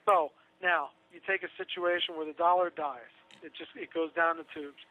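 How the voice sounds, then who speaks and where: A man's voice: fairly high pitch, steady tone, moderate pace, faint music behind. A man talking casually on a radio show, chatty and sarcastic, laughing through his own asides. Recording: tinny phone line.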